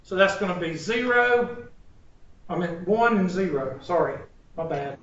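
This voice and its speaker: Blunt, wisecracking math teacher with a bright voice, on a dull lo-fi recording. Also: male voice, sits high, expressive, unhurried, slight background noise. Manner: joking, digressive, blunt storyteller. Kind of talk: classroom lecture. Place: classroom. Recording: roomy, distant, dull lo-fi room recording.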